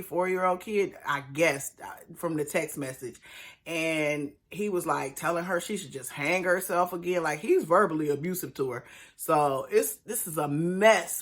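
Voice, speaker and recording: A woman's voice: sits low, normal speed. A woman hosting casual recap commentary, chatty and emphatic, talking straight to her viewers.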